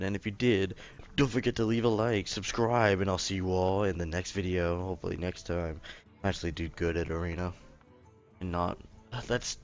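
A man's voice: fairly low pitch, clean tone, highs cut off. A young man commentating his own card game, angry at himself, swearing and grumbling about a loss. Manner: angry, swearing, self-blaming. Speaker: gaming video host. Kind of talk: frustrated gameplay commentary.

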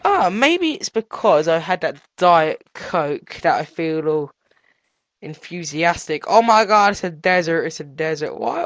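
Teen boy gamer with a cold, excitable let's-play chatter, bouncing pitch, dead-dry close mic. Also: dry recording. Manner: excitable, yelps and squeals at discoveries, chatters to animals. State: has a cold, sore throat. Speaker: gaming channel host.

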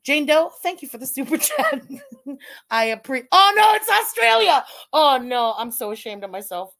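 Streamer gal, high, bouncy voice, crude giggly roast commentary. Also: female voice, big pitch swings, normal speed. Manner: giggly, crude and mocking, laughs often. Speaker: livestream host. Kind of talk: casual livestream commentary.

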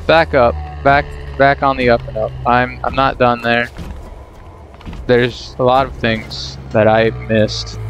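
Slow, rambling male game commentator. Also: mid-range voice. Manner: rambling, self-deprecating, talks to himself. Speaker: gameplay commentator. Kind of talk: casual let's play commentary.

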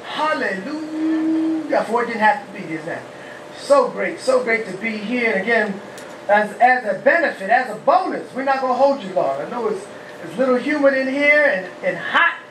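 A rabbi gives a lively call-and-response sermon, asking the congregation questions and shouting praise. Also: male voice, very high voice, normal speed, slight background noise. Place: humid, warm house of worship. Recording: echoey hall, mic far off.

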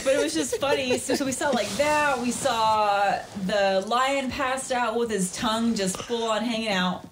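A woman's voice: a little high, moderate pace, few pauses. Woman podcaster chatting casually, laughs a lot, a bit of hiss behind. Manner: chatty, laughs often, storytelling. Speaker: podcast co-host. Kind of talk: casual chat.

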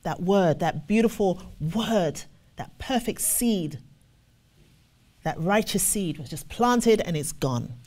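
A woman giving sermon-style Bible teaching, reading scripture slowly with emphasis and acting out the voices of the people she describes. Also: fairly low pitch, lively intonation, a little mellow. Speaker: ministry officer teaching scripture.

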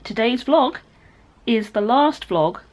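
A young British woman in her twenties vlogs from her living room, giggling and rambling as she chats to the camera. Her fairly high, slightly mellow voice has lively intonation, and she speaks slowly.

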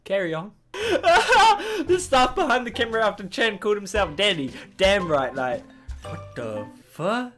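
A young man hosting a comedic reaction video, excitable and joking, often exclaiming and laughing. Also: high voice, moderate pace, faint music behind. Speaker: youtube reaction host.

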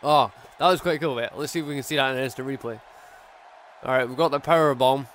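A young man giving excitable let's play commentary on a wrestling game, full of exclamations. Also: medium pitch, fast talker, slight background noise. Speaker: gaming YouTuber.

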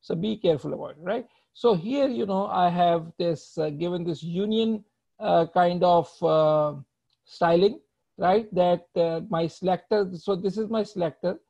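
A warm-toned, high-pitched man with vocal fry speaks a little slowly while typing code in a live lecture. He explains patiently, checks in with students, and ends plenty of phrases with "right?"; the audio is muffled and lo-fi.

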